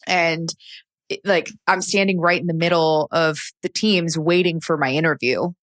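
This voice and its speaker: An American woman co-hosting a relaxed podcast, telling stories in a chatty way and laughing easily. Her voice sits a little low and sounds dry and close to the mic. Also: normal speed, no room sound. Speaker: podcast co-host. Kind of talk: casual chat.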